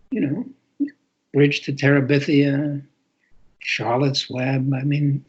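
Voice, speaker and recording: A man's voice: fairly high pitch, husky, lo-fi sound. A man in his eighties from New York City, a children's author telling wry stories in a casual interview, chuckling as he reads out readers' letters. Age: 80s. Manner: wry storytelling, chuckling, reading letters aloud. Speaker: children's book author, guest.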